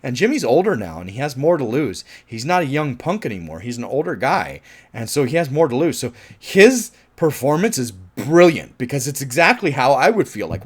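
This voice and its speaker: Animated, rambling man reviewing a film. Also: medium pitch, moderate pace, breathy edge. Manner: rambling and animated, swears often, laughs, restarts a lot. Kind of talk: casual spoken film review.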